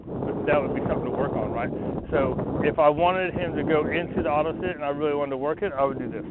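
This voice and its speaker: A man training his dog outdoors, talking himself through it in a relaxed way between short commands to the dog. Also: fairly high pitch, fast. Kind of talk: casual training explanation. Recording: tinny phone-like, noisy outdoors.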